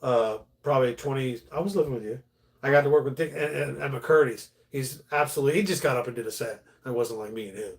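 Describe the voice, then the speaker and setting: A man's voice: medium pitch, fast talker, creaky. A middle-aged man, a stand-up comedian, chatting casually on a livestream, rambling with many restarts and swearing freely.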